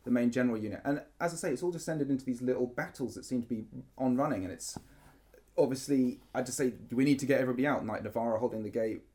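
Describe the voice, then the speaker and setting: A man in easy podcast conversation, his voice sitting at an ordinary middle pitch. He rambles and restarts as he retells events, and his enthusiasm keeps spilling into laughter. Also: quick pace, dark tone. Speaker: podcast co-host recounting a larp event. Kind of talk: casual chat.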